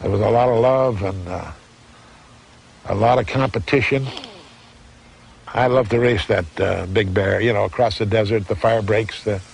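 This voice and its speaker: A man's voice: lowish voice, steady tone, moderate pace, gravelly, long pauses, a little hiss or hum, rough recording. An older man telling a rambling, profane racing story, laughing as he goes. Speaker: interviewee. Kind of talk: casual storytelling.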